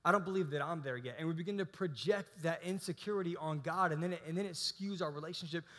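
A man's voice: on the high side, fast talker, a bit bright, long reverb tail. A man in his thirties preaching a casual, conversational sermon, often restarting his sentences. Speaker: pastor. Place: church hall.

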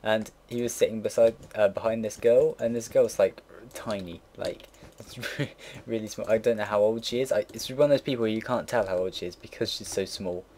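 A game builder in his late teens, low-voiced and talking a little fast, chats loosely through his computer build as casual gameplay commentary. His rambling wanders off-track, he loses his thread, and he swears offhandedly. Under his voice there's a faint hiss, plus soft keyboard typing and mouse clicks.

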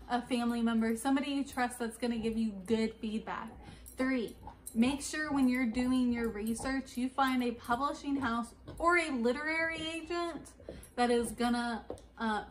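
A woman's voice: a little high, a little hiss or hum. A woman giving casual, rambling advice to new authors, with fillers and restarts along the way. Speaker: writing vlogger giving advice. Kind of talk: casual advice talk to camera.

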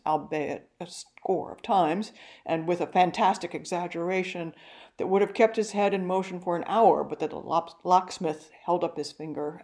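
An older woman giving a carefully read, measured talk on a novel. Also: on the low side, vocal fry, darkish tone. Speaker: literary talk presenter.

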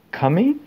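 A man's voice: very high-pitched, mellow, husky, pitched above the performer's own voice, exaggerated voice. A man doing a drunk, hiccuping female house-elf. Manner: hiccuping, slurred, tearful.

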